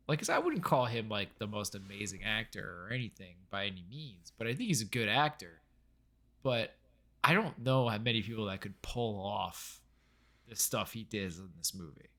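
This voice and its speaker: A man's voice: on the low side, animated, normal speed, a bit bright. A man co-hosting a casual film review podcast, thinking aloud and agreeing easily with his partner. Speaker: podcast co-host.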